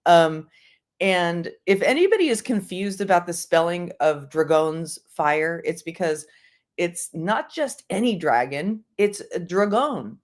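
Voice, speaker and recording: A woman's voice: lowish voice, lively intonation, measured pace. A woman hosting a casual livestream book club, rambling with many fillers and restarts and tossing in words from other languages. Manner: jokingly drops bits of other languages.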